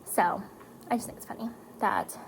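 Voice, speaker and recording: In a rough recording with a slight hiss or hum, a woman speaks at a normal speed. She's a mother of four chatting casually while she does her makeup. Emotional and rambling, she drifts between topics and uses lots of fillers, especially "like."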